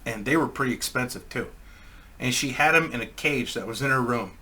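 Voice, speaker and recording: A man's voice: mid-range voice, brisk, bright, forceful tone. A man telling a rambling, crude comic anecdote in a casual way, laughing at his own story.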